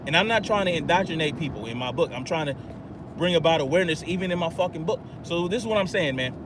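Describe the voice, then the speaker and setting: A man's voice: on the high side, animated, fast, noisy background. A man hosting a podcast in an agitated, profane, rambling monologue. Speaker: podcast host. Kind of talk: ranting monologue.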